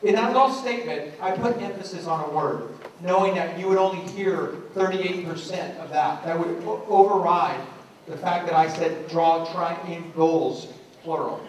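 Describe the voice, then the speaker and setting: Animated man speaking in an echoey hall. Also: sits high, normal speed, slight background noise. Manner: animated storyteller acting out voices. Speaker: education speaker. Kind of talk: motivational talk to teachers. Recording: echoey room from a distance.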